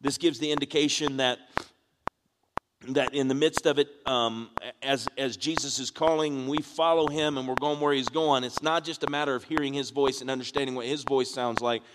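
A man's voice: medium pitch, steady tone, moderate pace. A man, a pastor, preaching a sermon and asking the congregation questions as his delivery builds in force. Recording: echoey hall with background noise.

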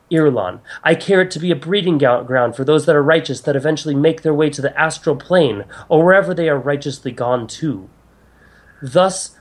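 A man's voice: on the high side, voice pushed up. A man voicing a towering silver-haired elven goddess, gracious and solemn, who talks earnestly and often stumbles over her words. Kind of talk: game master voicing a character.

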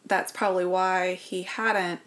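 A woman's voice: fairly low pitch, little pitch movement, measured pace, fairly bright tone. Earnest woman telling her story. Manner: earnest, reflective, drops to a whisper at painful moments. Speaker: guest. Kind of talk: personal storytelling interview.

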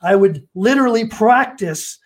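Animated and high, his voice keeps a measured pace. He's a Los Angeles real estate agent and coach in his fifties, sharing stories in an interview and acting out the phone calls and quotes.

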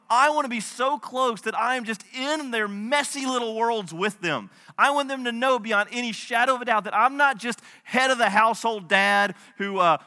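A pastor in his thirties preaches to his congregation, swinging from hushed storytelling to impassioned appeals. His voice sits high and sounds bright and forceful. It rings out with the long reverb of a large hall. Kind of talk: sermon.

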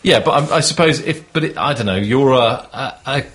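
A man's voice: mid-range voice, animated, fairly quick, fairly bright tone. A man co-hosting a podcast in casual chat, playful and full of questions. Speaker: podcast co-host.

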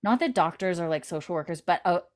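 A woman's voice: fairly low pitch, lively intonation, quick pace, a crowd in the background. A woman podcast host casually recapping a TV episode in a chatty way, full of fillers. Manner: chatty, many fillers, retells scenes.

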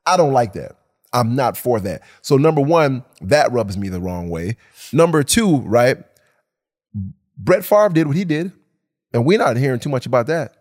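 A male podcast co-host talks emphatically in casual conversation, swearing freely and acting out quoted voices with animation. He speaks at a moderate pace in a mid-range voice.

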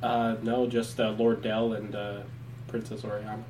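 A man's voice: lowish voice, little pitch movement, measured pace, a little mellow. A young man running a tabletop game as game master, narrating in an easygoing way. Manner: easygoing, laughs often. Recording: distant mic with faint noise.

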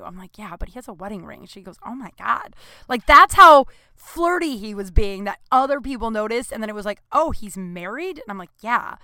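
Young woman comedian, smooth clear voice, dry close sound, chatty rambling storyteller. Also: fairly high pitch, animated, a little fast, pushed and bright, no room sound. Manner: chatty, rambling, self-deprecating asides. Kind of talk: comic storytelling.

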